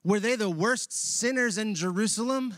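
A male pastor preaching a sermon in a church, casual and animated, using slang as he retells a Bible passage. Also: high-pitched, normal speed, no echo, clean studio sound. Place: church sanctuary.

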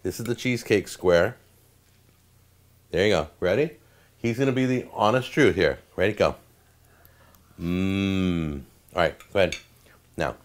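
Low-voiced man gushing over food. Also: a little slow, long pauses. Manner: stammers and repeats words when excited. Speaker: cooking show host. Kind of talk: casual cooking demonstration talk.

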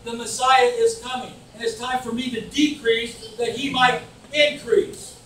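A man preaching a fervent sermon as pastor, building to shouts and mocking voices. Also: very high voice, level tone, a little slow. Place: church. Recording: echoey church from far off, faint noise. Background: congregation calling back.

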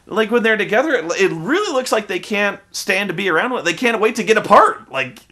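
A man's voice: sits high, very animated, brisk, sharp tone. A man in a casual, profane film review rant, exasperated and full of restarts.

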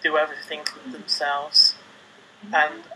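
A man's voice: on the high side, monotone, measured pace, sharp tone, a little hiss or hum, low-quality recording. A man hosting a gaming channel, chatting casually over gameplay, hesitant with many fillers and restarts.

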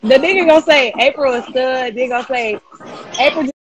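A woman chatting loudly on a livestream, taunting and laughing in brash slang. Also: high voice, brisk, dull audio, a little hiss or hum. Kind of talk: casual livestream chat.

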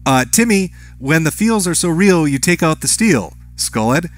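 On a dry recording, a man with an expressive, somewhat high voice moves at a moderate pace with few pauses. He reads live-stream chat names and messages aloud, answering each one offhandedly and briefly.

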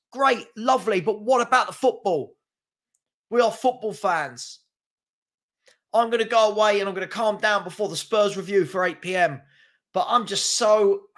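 A man, hosting a football fan channel and ranting in anger, with repeated rhetorical questions. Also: high voice. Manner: exasperated, repetitive rhetorical questions. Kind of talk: angry fan rant to camera.

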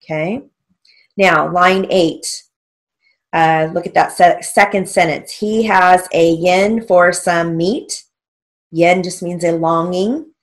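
Slow, patient woman teaching dictation. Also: lowish voice. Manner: patient, spells out letters and checks in with "okay?". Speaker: stenography teacher. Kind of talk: slow, deliberate dictation lesson.

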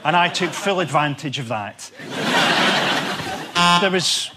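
A Scottish man with a Glaswegian accent doing a deadpan stand-up monologue, dark dry jokes with pauses for laughs. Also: on the high side, noisy background. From Scotland. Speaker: comedian, team captain. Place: TV studio with live audience.

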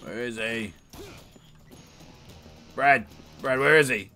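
A man giving casual, profane, excitable commentary while playing a video game. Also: medium pitch, takes it slowly, faint music behind. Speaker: let's play host.

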